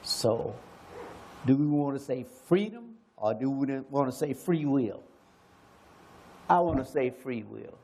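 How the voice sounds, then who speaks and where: Slow-speaking, musing man. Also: mid-range voice, lively intonation, dark tone. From United States. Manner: musing, repeats phrases, many hesitations. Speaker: panelist. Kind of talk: slow reflective panel talk.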